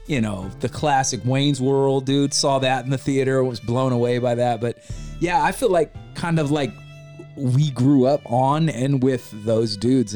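A man in his forties hosting a casual podcast, joking and reminiscing in a loose, slightly tipsy way. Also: mid-range voice. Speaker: podcast host.

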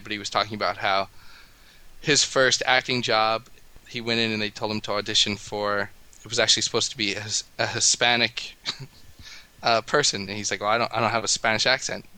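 American man with a gravelly cold-voice. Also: fairly low pitch, steady tone, fairly quick, bright, forceful tone, dry recording, low-quality recording. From United States. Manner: rambling, chatty storyteller. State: has a cold, gravelly voice cracks. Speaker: podcast co-host. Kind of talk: casual podcast chat.

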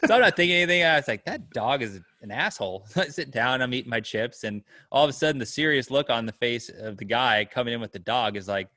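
A man's voice: medium pitch, animated, fast talker, few pauses, bright, forceful tone, no room sound, studio quality. A man telling a long story in casual chat, rambling, with lots of fillers, and acting out the people in it. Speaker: storyteller guest.

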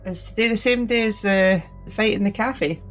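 A woman's voice: mid-range voice, moderate pace, soft background music. A woman playing a tabletop game in character, with hesitant, polite small talk. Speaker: player.

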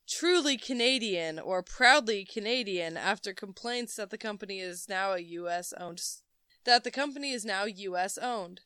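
A woman's voice: mid-range voice, bright, forceful tone, clear, resonant tone, no room sound, studio quality. A woman co-hosting a casual podcast, reading a news article aloud and breaking off with jokes and giggles.

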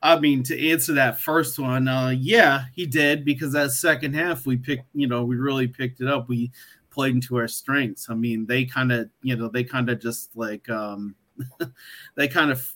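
A man chatting casually on a podcast, rambling with many fillers and restarts, his voice worn from shouting. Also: mid-range voice, fairly even intonation, measured pace. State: losing his voice. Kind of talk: casual chat.

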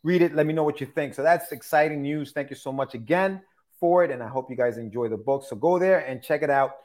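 New guy cohosting a podcast, chill and jokey, kinda high voice. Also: quick pace, darkish tone. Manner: joking, laid-back, often laughing. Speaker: podcast co-host. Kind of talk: casual chat.

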